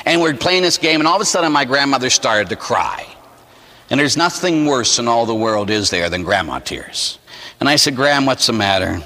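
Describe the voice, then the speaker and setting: Male Catholic preacher from Pittsburgh; bright, lively, comic storyteller. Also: mid-range voice, moderate pace, big-room sound. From Pittsburgh, USA. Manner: animated and humorous, acts out scenes. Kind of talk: storytelling sermon.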